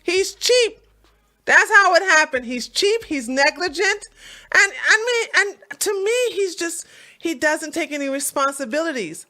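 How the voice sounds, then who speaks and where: A woman hosting a reaction commentary, talking in a sassy, mocking, animated way. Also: very high voice, normal speed. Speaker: commentary host.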